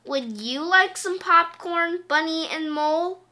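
A woman voicing a patient, weary father bear, gently coaxing his cub in a sing-song storybook tone. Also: very high-pitched, slow pace, pitched above the performer's own voice, exaggerated voice.

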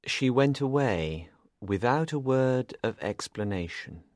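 A man voicing a calm, smooth and evasive gentleman in an audiobook. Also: medium pitch, no room sound, clean studio sound, pitched above the performer's own voice. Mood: regretful. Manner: calm, measured.

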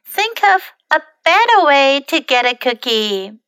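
A woman voicing a patient storybook mother, gentle and firm, bright and slow, close dry sound. She coaxes rather than scolds, with a light, high-set tone. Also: sing-song, no room sound, full character voice. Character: patient mother teaching her son manners.

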